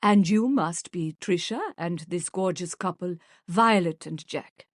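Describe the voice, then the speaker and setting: A woman's voice: on the low side, unhurried, no room sound, clean studio sound, natural voice. A woman voicing a stylish, friendly woman who speaks with a slight German accent, in an audiobook. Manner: friendly and charming.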